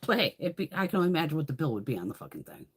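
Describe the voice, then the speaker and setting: A woman's voice: low-pitched, very animated, very fast, slight background noise. A woman hosting a beauty livestream, rambling casually with lots of swearing and laughter. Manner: rambling, profane, laughs often. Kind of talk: casual livestream chit-chat.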